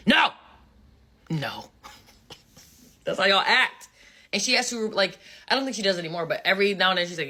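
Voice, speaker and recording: A woman's voice: on the low side, animated, a little fast, pushed and bright. A woman giving a blunt, emphatic casual commentary rant, hammering points home by repeating phrases. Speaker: social media commentator.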